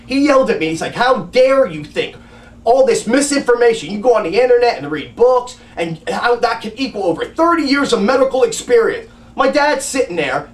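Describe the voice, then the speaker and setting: Agitated male storyteller, high lively voice, roomy recording from a distance. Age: adult with a grandmother and father living. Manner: agitated, animated retelling with acted-out quotes. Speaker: family advocate recounting a doctor visit. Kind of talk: casual personal storytelling. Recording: echoey room, voice away from mic.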